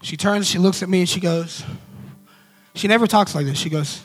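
Man preacher, high pitch, lively casual storytelling, soft music underneath. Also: normal speed. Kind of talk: storytelling devotional talk.

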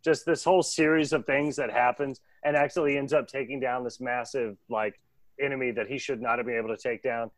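A man casually recapping a cartoon episode with a co-host, animated and laughing often. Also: mid-range voice, dry recording. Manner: animated, laughing, doing quick voices. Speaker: podcast co-host.

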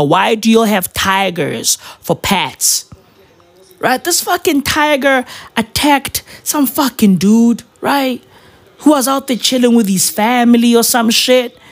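A man giving a rambling, profane commentary full of slang and fillers. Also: very high-pitched. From South Africa. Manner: rambling, slangy, swears constantly, many fillers. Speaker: vlogger.

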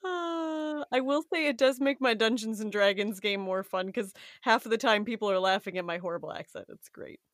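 A playful woman co-hosts a casual podcast, joking and laughing. Her voice sits fairly high, and the sound is dry and close. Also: normal speed, hardly any pauses, no room sound. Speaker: podcast co-host. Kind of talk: casual chat.

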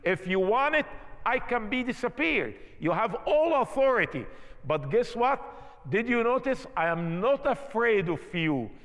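A man from Egypt with an Egyptian accent preaches a testimony, speaking emphatically in imperfect English. His voice sits high and his delivery is slow and deliberate. The sound carries the long reverb of a church hall. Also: very animated, a bit bright. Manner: emphatic storytelling, non-native grammar. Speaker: pastor. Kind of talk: sermon testimony.

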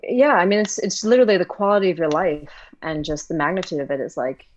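A woman's voice: on the low side, fast talker, highs cut off, a little hiss or hum. A woman hosting a casual talk, effusive and hesitant, with many "like" fillers. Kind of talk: casual conversation.

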